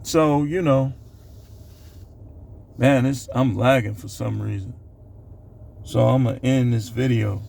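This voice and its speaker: A man with a gravelly, fry-edged voice at an ordinary pitch talks straight into his own camera. He rambles casually through a countdown list, padding it with fillers and side remarks. It sounds like a home vlog monologue. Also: slow, long pauses, darkish tone, a little hiss or hum. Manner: loose, rambling delivery with many fillers. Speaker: channel host. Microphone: camera recording himself.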